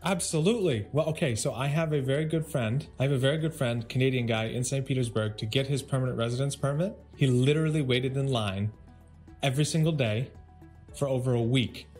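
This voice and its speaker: A man hosting a casual podcast, upbeat and animated as he tells stories. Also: medium pitch, brisk, soft background music. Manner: upbeat, animated storytelling with frequent laughs. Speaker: podcast host.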